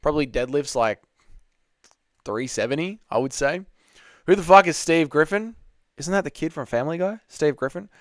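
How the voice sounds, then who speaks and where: A man's voice: on the high side, expressive, normal speed, pauses often, dry recording, clean studio sound. Chatty man hosting a live stream. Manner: chatty, reads chat aloud, banters with viewers. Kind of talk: casual live-stream chat.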